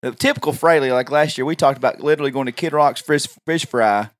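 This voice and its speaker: A man's voice: medium pitch, quick pace, no echo. A man telling stories in a casual chat, rambling and acting out what people said. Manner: rambling, laughing often, acts out quotes.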